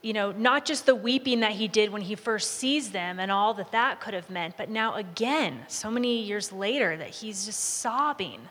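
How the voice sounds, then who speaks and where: A woman's voice: mid-range voice, moderate pace, few pauses. Woman teaching a group in a reverberant hall. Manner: relaxed, invites answers from the group. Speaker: Bible study leader. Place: large room with a group. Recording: long reverb of a large hall.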